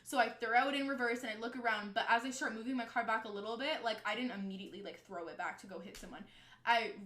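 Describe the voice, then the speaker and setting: A young woman tells a personal story in casual storytime fashion, animated and full of swearing. Her voice is bright and sits a little high. The room around her is noticeably echoey. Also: quick pace. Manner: animated, swearing, quotes people in her own voice. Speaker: streamer telling a story.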